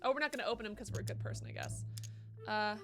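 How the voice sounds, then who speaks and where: A woman streaming a game live, chatting casually with excitable, self-mocking swearing. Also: fairly high pitch, racing, faint music behind. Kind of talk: casual live let's-play chat.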